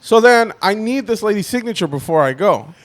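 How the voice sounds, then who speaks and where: A man's voice: high voice, animated, fairly quick, fairly bright tone. A young man on a podcast, telling a story in casual chat, swearing and acting out the voices of the people in it. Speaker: podcast co-host.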